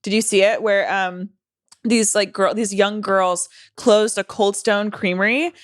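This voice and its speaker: A woman's voice: mid-range voice, fairly even intonation, unhurried, dry recording, studio quality. A woman co-hosting a casual podcast, reading listener stories aloud with blunt, profane commentary and frequent laughs. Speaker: podcast co-host.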